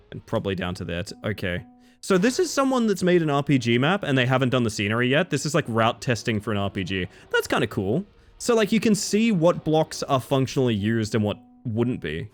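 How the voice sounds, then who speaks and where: Chatty male streamer, lively pitch. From Isle of Man and Australia. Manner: chatty, jokey, reacting to chat. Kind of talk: casual gaming commentary.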